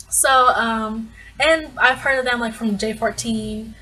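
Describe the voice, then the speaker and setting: Brief: young female vlogger, slightly high voice, bubbly and gushing, casual storytelling. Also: fairly even intonation, takes it slowly, noisy background. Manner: bubbly, gushing, lots of likes and restarts. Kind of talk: casual fan vlog storytelling.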